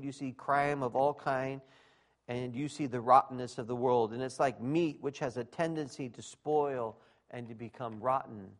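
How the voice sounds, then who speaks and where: A middle-aged man preaching a sermon, emphatic, dropping to quiet asides and rising to shouts. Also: mid-range voice. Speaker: pastor.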